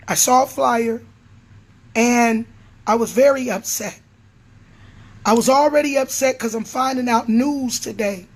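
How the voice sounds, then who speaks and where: A woman's voice: sits high, vocal fry, slightly rough. A middle-aged woman, a prophetess and pastor, ranting angrily on a livestream, swearing and repeating herself. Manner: furious, repetitive, swearing, sometimes shouting. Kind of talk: angry livestream rant.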